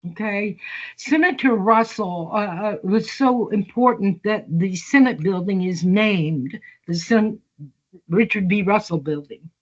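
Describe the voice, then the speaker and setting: A woman's voice: mid-range voice, highs cut off. An older woman telling long stories in an interview, acting out quoted dialogue as she goes. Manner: slow storytelling, acts out quoted dialogue. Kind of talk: long-form conversational interview.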